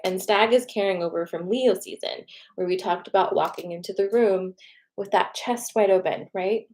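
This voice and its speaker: A woman with a slightly low voice talks viewers through a casual card reading. She is chatty and encouraging and often checks in with "okay?" and "right?". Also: darkish tone. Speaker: tarot card reader and host.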